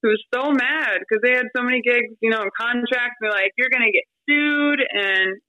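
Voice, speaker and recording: A woman in her thirties, a podcast guest, telling her story in a chatty, animated way with lots of fillers and quoted asides. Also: on the high side, a little fast, no echo, narrow, tinny audio. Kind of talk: casual storytelling interview.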